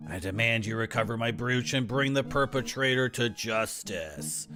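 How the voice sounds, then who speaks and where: A man's voice: medium pitch, moderate pace, over music, lightly acted. A man voicing a haughty, demanding woman with an indignant tone.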